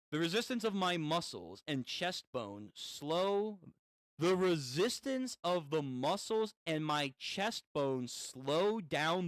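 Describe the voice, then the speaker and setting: A man reading the lines of a wounded male gunman from a manga, in a measured, analytical way. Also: fairly high pitch, fairly bright tone, dry recording.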